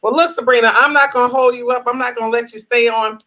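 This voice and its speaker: Woman, talk show host, chatty, encouraging, bright voice, video call audio. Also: fairly high pitch, fairly even intonation, quick pace, poor audio. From New Jersey. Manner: chatty and encouraging, many affirmations. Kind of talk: casual live-stream talk show.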